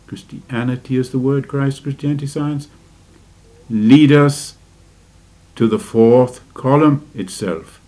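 Male religious teacher, unhurried lecturing delivery, mid-range voice, checks in with rhetorical questions. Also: mid-range voice, warm tone. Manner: deliberate, with rhetorical questions to listeners. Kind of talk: slow spiritual lecture.

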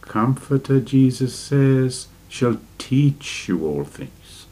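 A man teaches a spiritual lesson at a very unhurried pace, dwelling on each phrase. His voice sits in an ordinary middle range. He keeps turning to his listeners with gentle rhetorical questions. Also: mid-range voice, big pitch swings. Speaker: religious teacher. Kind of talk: slow spiritual lecture.

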